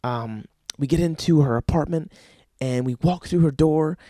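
A man's voice: on the high side, moderate pace, warm tone, no room sound, studio quality. A young man telling a rambling, profane comic story about his own life. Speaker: comedian.

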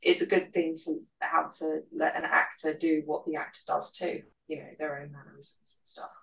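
A podcast host speaks in a level, unvaried tone with a gravelly edge. They muse through their points in casual conversation and hedge their ideas as theories. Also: medium pitch, flat delivery, moderate pace, fairly bright tone, rough recording. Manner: musing, offers tentative theories. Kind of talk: casual chat.

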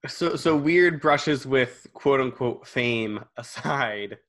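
A man's voice: medium pitch, takes it slowly, fairly bright tone. Male podcast host with a lisp, easygoing and rambling. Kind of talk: casual podcast chat.

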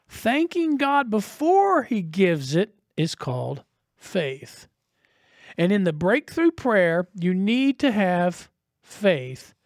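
A man's voice: high voice, no room sound, clean studio sound. A man preaching a sermon as a pastor, earnest and conversational, posing rhetorical questions to his listeners.

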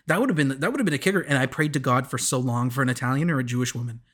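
A man's voice: mid-range voice, animated, a bit bright. A man chatting casually as a podcast host, joking, laughing easily and often restarting his sentences. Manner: rambling, joking, quick to laugh; restarts and corrects himself often. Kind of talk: casual chat recapping a TV show.

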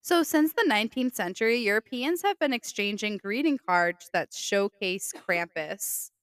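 A woman's voice: medium pitch, lively intonation, moderate pace, a bit bright, clear, resonant tone, no echo. A young woman with a Boston accent co-hosting a podcast, chatting casually and joking with a lot of swearing. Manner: profane, joking, loose storytelling. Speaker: podcast co-host. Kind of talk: casual chat.

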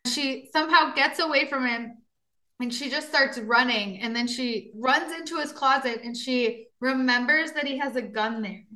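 Bright chatty woman recounting a true crime case. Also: high-pitched, moderate pace. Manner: chatty storyteller, frequent fillers and laughs. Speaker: podcast co-host telling a true crime case. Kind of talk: casual true crime chat.

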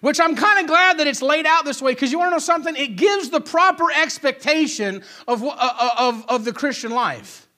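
A male preacher with a very high, bright voice. He preaches in an emphatic, conversational style and drives his points home by repeating short phrases. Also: lively intonation, moderate pace, few pauses. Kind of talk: sermon.

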